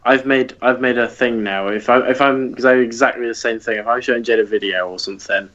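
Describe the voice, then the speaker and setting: A man's voice: medium pitch, fast talker. Man acting out exchanges, lo-fi. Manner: animated storytelling with quoted exchanges. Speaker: podcast co-host. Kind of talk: casual chat.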